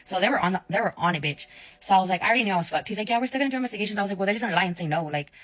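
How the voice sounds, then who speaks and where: A woman's voice: mid-range voice, lively intonation, very fast, fairly bright tone, low-quality recording. A young woman telling a story in a casual rant, blunt and swearing often, acting out both sides of her conversations.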